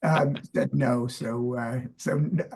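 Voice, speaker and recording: Gravelly New York man, playful quizmaster. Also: medium pitch, steady tone, slow, darkish tone. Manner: quizzing, playful and chatty. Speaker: podcast co-host. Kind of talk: casual chat.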